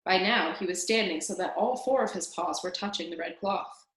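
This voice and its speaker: A woman reading a children's novel aloud in an expressive way, speaking directly to the listener as "reader". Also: on the low side, normal speed. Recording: roomy echo.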